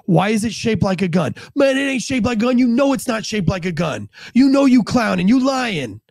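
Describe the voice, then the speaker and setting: A man's voice: sits high, sing-song, normal speed, gravelly, no echo, clean studio sound, exaggerated voice. A man voicing an agitated young male suspect who accuses and pleads in street slang. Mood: pleading, indignant. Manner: shouting, indignant, street slang. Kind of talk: storytelling with acted quotes.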